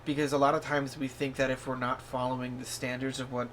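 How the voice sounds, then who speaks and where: A man giving a casual tarot reading in a vlog. He talks in a rambling, encouraging way, full of "like" and "you know", and breaks into sudden high-pitched bursts of surprise. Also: flat delivery, fast talker, fairly bright tone, slight background noise. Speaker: tarot reader.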